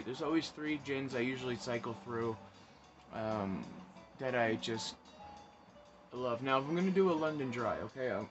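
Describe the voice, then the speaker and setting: A man's voice: medium pitch, lo-fi sound. Chatty man hosting a cocktail show. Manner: chatty, enthusiastic, laughs often, repeats himself. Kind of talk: casual spirits review vlog. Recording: music playing behind.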